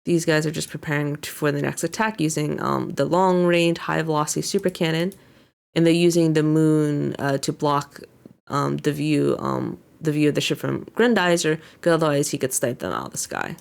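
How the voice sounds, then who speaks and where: A woman's voice: low voice, moderate pace, vocal fry, a little mellow, smooth. A young woman VTuber casually recapping an anime episode, paraphrasing the characters' lines with frequent fillers. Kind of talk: casual commentary.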